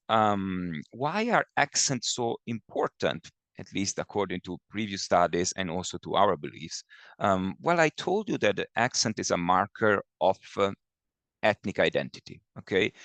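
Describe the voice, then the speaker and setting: A man presents an academic talk in a webinar over a video call. His voice sits low and gravelly, and he speaks haltingly with many fillers, often checking in with "okay?". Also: a bit bright, no echo. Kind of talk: webinar lecture. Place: home or office, speaking from afar over the web. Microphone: video call computer mic.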